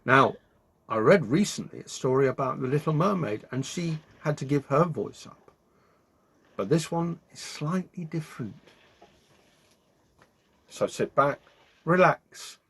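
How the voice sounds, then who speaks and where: Husky, animated male storyteller. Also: medium pitch, measured pace, pauses often. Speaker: storyteller host. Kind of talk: reading a children's bedtime story aloud.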